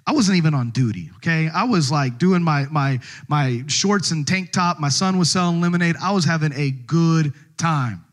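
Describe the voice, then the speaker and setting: A middle-aged male pastor preaching with a fairly high, bright-sounding voice. He tells his stories in an animated way and laughs often along the way. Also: normal speed, few pauses. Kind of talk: sermon.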